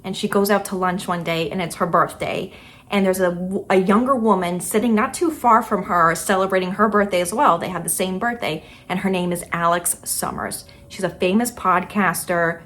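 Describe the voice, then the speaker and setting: A young woman chatting casually about books she loved, with lots of filler words. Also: fairly low pitch. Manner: chatty, many "like" and "kinda" fillers. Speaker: book vlogger. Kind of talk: casual book review chat.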